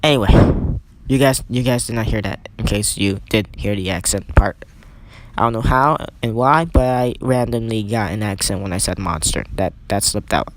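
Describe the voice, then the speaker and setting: A man's voice: fairly low pitch, moderate pace, a little hiss or hum. A young man doing casual play-by-play commentary over a wrestling video game, rambling and correcting himself with chatty asides.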